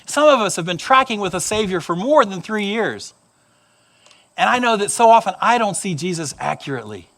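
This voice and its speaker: Animated middle-aged male preacher, high and lively. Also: fairly quick, gravelly. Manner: animated storyteller, acts out voices. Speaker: pastor. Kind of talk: sermon.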